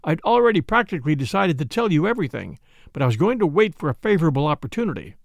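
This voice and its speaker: A man's voice: a little high, big pitch swings, quick pace, vocal fry, dry recording, clean studio sound. A man reading a careful, reserved country doctor. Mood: measured. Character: measured middle-aged male country doctor. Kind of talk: audiobook character reading.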